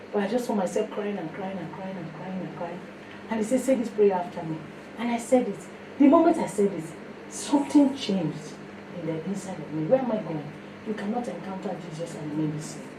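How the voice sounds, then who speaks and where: A woman with a Nigerian accent giving a sermon mixed with her own testimony, telling stories in an animated way. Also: mid-range voice. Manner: storytelling, animated, breaks into song. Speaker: fellowship speaker. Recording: echoey room, mic heard from a distance, faint noise.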